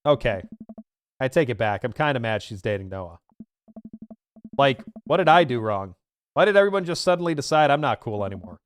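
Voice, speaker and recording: A man's voice: mid-range voice, a little fast, clean tone, faint music behind, lightly acted. A man reading the lines of an upset teenage girl venting to her dad in a dating game, in a subdued, rambling way. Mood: hurt.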